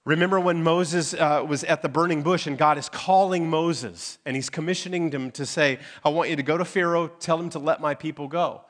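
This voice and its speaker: A man preaching from the pulpit in a church, with his voice sitting a touch higher than most men's. He slows down and leans hard on key phrases to drive them home. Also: fairly even intonation. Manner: emphatic, dramatic pauses on key phrases. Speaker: pastor. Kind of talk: sermon. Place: church sanctuary.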